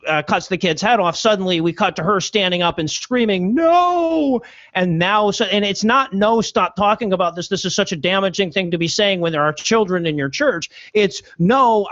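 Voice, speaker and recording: A man with a fairly high voice chats loosely on a podcast, often restarting his sentences and chuckling between thoughts. The recording is dry and a little dull in tone. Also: normal speed, few pauses, fairly bright tone, no room sound. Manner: talkative, with frequent restarts and laughter. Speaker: podcast co-host. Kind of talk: casual podcast discussion.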